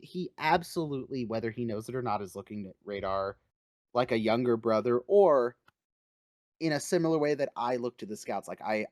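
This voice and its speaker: A man's voice: mid-range voice, a little mellow, dry recording, studio quality. A man co-hosting a casual podcast, retelling scenes animatedly with many "like"s. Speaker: podcast co-host; scout leader. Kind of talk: casual chat.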